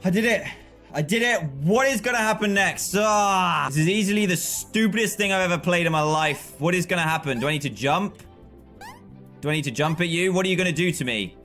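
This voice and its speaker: High bright-voiced excitable male gamer. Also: brisk, faint music behind. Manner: frustrated, excitable, yells at the game. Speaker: streamer. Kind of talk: live gameplay commentary.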